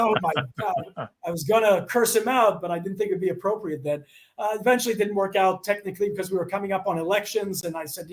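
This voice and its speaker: A middle-aged man from the USA, telling anecdotes as an interview guest and acting out the dialogue. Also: high-pitched. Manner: animated, acts out dialogue in his anecdotes. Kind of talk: storytelling in conversation.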